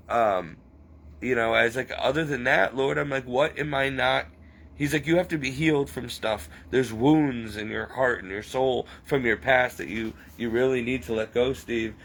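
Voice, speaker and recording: Gravelly-voiced man, halting and emotional. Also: mid-range voice, fairly bright tone, a little hiss or hum, poor audio. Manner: rambling, halting and tearful. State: emotional, near tears. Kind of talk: emotional personal confession.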